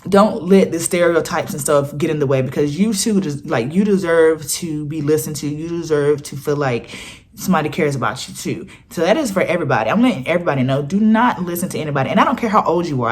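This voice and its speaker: A woman's voice: low-pitched, a little mellow. A woman, giving an earnest, emphatic motivational talk to camera in a casual vlog style and often acting out what imagined people would say. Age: 20s. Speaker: vlogger.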